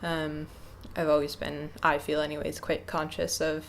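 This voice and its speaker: A young woman in her twenties talking to camera off the cuff, hesitant and reflective, with many pauses and restarts. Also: sits low, flat delivery, creaky, slight background noise. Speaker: YouTuber. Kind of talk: casual unscripted talk to camera.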